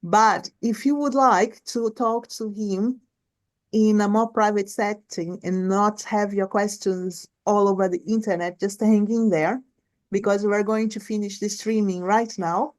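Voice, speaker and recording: A woman's voice: medium pitch, steady tone, unhurried, darkish tone. A woman hosting a seminar, moderating a live online question session over a video call, chatty and restarting sentences. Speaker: seminar host.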